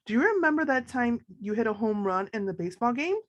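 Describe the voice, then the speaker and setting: A woman's voice: a little high, lively intonation, fast talker, dry recording, lo-fi sound, natural voice. Miss Pickles, a woman doing a kindly brain part. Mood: gentle. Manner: soft, fond, calls everyone dear. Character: kind motherly female hippocampus, gentle and a bit scatterbrained.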